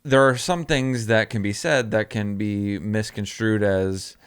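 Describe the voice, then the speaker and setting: A man's voice: on the low side, fairly even intonation, unhurried, smooth. A young man co-hosting a podcast, talking earnestly and a bit hesitantly in casual chat. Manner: earnest, hesitant, many fillers and restarts. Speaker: podcast co-host.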